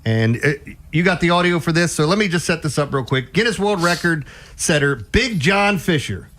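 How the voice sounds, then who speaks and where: Male radio host, high and animated, riffing and laughing in casual studio banter. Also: moderate pace, a little hiss or hum.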